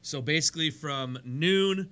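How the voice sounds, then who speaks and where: A man hosting a sports radio show in a studio, chatty and energetic, his voice worn from days of talking. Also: fairly high pitch, measured pace, clear, resonant tone. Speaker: radio show host and pastor. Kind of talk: casual sports radio chat.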